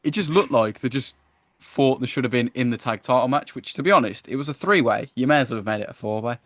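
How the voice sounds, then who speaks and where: A man co-hosting a casual wrestling review podcast, chatty and animated as he retells the show. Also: mid-range voice, fast, dry recording. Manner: chatty, animated when acting out wrestlers, frequent "I was like". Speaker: podcast co-host.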